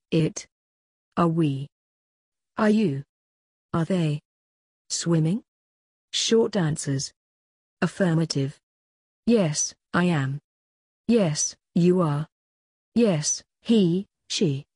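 A woman slowly reading grammar drills for a course book in a measured, clearly enunciated way. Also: fairly low pitch, dark tone, no echo, studio quality. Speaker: course audio narrator. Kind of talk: scripted textbook audio reading.

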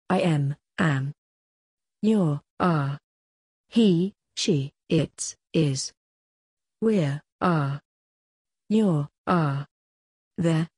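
A woman slowly reading grammar drills for a course book in a measured, clearly enunciated way. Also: low voice, darkish tone, no echo, clean studio sound. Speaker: course audio narrator. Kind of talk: scripted textbook audio reading.

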